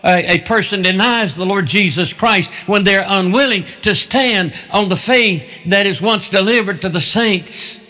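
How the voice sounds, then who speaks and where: A man's voice: high voice, measured pace, hardly any pauses, sharp tone, in a large hall. A man preaching a sermon with emphatic, repeated phrases.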